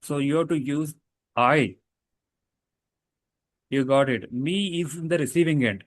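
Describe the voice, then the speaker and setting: A man's voice: on the high side, a little slow, dry recording. Man teaching grammar, dry sound. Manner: explanatory, with fillers and self-corrections. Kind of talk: casual grammar lesson.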